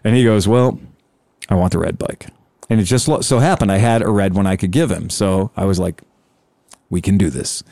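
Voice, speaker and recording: A man's voice: sits low, moderate pace, creaky, dark tone, no room sound, studio quality. A man telling a long sales story in casual chat, acting out both sides of the conversation. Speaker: scooter dealer telling a story.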